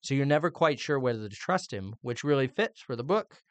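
A middle-aged man co-hosting a casual podcast chat, animated and teasing. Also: medium pitch, a little fast, no room sound. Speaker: podcast co-host, father.

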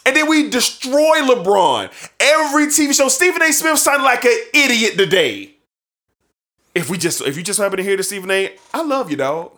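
A man's voice: extremely high pitch, sing-song, normal speed, sharp tone. A man hosting a sports show, ranting emphatically and repeating his points for effect, with bursts of laughter between points. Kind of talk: sports opinion rant.

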